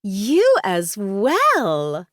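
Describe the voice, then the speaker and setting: A woman voicing a flirty female celebrity who gushes in a drawn-out, breathy way, read for an audiobook. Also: mid-range voice, huge pitch swings, fairly bright tone, no room sound, clean studio sound, pitched above the performer's own voice, full character voice.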